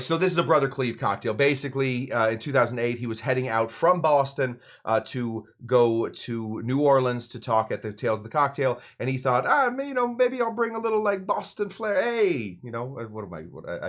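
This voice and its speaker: A man's voice: mid-range voice, a bit bright. Rambling man hosting a cocktail show. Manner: rambling, loose, full of fillers and side remarks. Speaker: bartender and show host. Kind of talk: casual cocktail-making demonstration.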